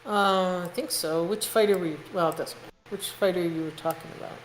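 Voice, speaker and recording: A woman's voice: on the low side, a little fast, roomy sound, slight background noise, poor audio. A woman playing a strategy board game on a live stream, carefully going over her teammate's moves.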